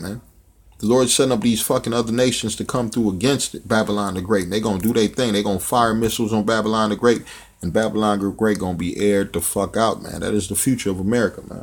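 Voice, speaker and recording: A man's voice: on the low side, vocal fry, breathy edge. A man preaching bluntly with profanity, reading scripture aloud and commenting on it, often tacking "man" onto his phrases. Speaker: religious teacher.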